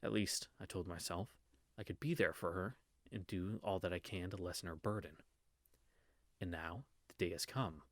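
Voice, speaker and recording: A man's voice: sits low, normal speed, a bit bright, dry recording, clean studio sound. A man reading a visual novel aloud in a casual read-through, stumbling on words and correcting himself with wry asides.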